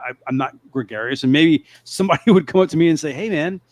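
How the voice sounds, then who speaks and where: A man co-hosting a podcast in casual chat, rambling and halting with lots of filler words, self-deprecating and quick to laugh. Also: fairly high pitch, a little mellow, dry recording. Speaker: podcast co-host.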